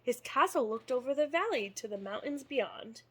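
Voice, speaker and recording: A woman reading a picture book aloud to children with expressive, sing-song storytelling. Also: high voice, moderate pace, breathy edge, poor audio. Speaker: student success advisor reading to children.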